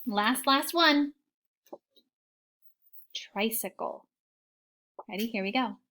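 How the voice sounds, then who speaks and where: A woman teaching young children a phonics lesson, slow and encouraging in a sing-song way, with soft whispered asides. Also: a little high.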